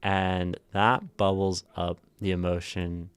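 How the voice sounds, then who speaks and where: A man with a very deep voice hosts a casual livestream, talking through poems as he thinks aloud. He drifts through plenty of ums and rereads lines with shifting inflection. The sound is close and dry, with no room around it. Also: little pitch movement, slow pace, clean tone, no room sound. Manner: musing, thinks aloud with many fillers. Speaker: livestream host analyzing poetry.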